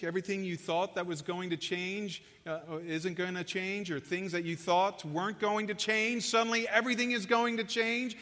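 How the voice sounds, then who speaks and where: A man preaching a sermon with passion, building in loudness and then dropping to a hush. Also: high voice. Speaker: pastor. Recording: long echo of a large hall.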